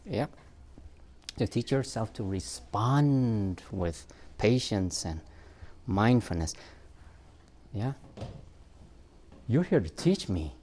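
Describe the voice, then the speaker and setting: A therapist speaks slowly to a group of parents, his voice low and soft rather than bright. He is reflective and self-deprecating, pausing with fillers and laughing at himself as he goes. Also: expressive. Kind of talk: informal talk to parents.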